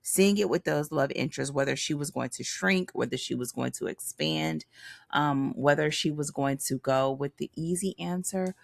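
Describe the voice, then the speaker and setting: A woman's voice: low voice, normal speed, vocal fry, no echo, studio quality. A woman co-hosting a podcast, chatting casually and animatedly about a book, with slangy asides and frequent laughs. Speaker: podcast co-host.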